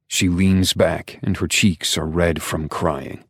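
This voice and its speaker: A man narrating a dark romance audiobook in the first person, with intense, emotional delivery and hushed passages. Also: low-pitched, steady tone, slow, breathy edge, no echo, clean studio sound.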